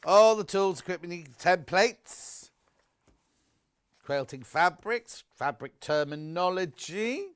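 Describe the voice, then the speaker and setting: A man's voice: high voice, animated, takes it slowly, clear, resonant tone. A man presenting a live home shopping broadcast, chatty and gushing, reading out viewer messages as he shows products.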